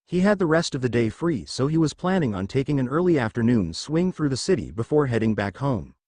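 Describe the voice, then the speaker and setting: Brief: man narrating fan fiction, expressive, mid pitch. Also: a little fast, no room sound. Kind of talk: reading fan fiction aloud.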